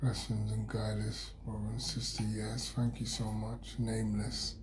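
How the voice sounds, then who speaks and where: A man's voice: fairly low pitch, completely flat delivery, measured pace, noisy background. A middle-aged man, hosting a casual live-stream chat and greeting viewers as they join. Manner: chatty, laughs easily, warm greetings to viewers. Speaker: host. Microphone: phone or computer on a live video.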